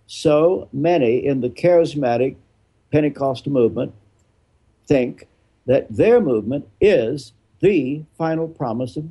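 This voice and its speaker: A man's voice: mid-range voice, warm tone, breathy edge. An older man, a retired pastor being interviewed, explaining his views emphatically and answering his own rhetorical questions.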